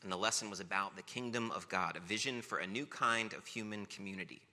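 In a large hall with long reverb, a pastor with a fairly low, bright voice delivers his sermon fast and forcefully. He starts with self-mocking family stories and then shifts to instruction.

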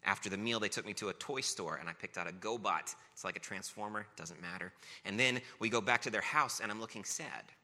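A man's voice: fairly low pitch, a little fast, bright, forceful tone. A man preaching a sermon, telling family stories with playful self-mockery before turning to teaching. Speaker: pastor. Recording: long reverb of a large hall.

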